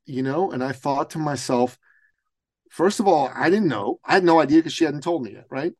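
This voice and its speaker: A man's voice: fairly high pitch, moderate pace, dry recording. A man, a business coach, telling a story in an interview and acting out the voices of the people in it. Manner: animated storyteller, acts out quotes.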